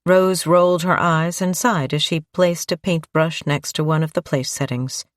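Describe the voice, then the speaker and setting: Woman narrator, audiobook, measured, low voice, dry close mic. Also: steady tone, no echo. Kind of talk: scripted narration.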